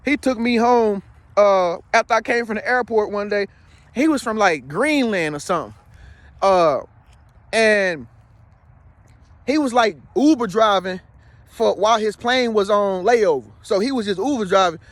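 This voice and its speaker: A man with a notably high voice talks straight to his viewers in a loose, slangy monologue. He is emphatic and rambling, and keeps checking in with his listener. The sound is close and dry. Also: expressive, a little slow, dry recording. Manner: slangy, streetwise. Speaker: spiritual vlogger. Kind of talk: casual monologue to camera.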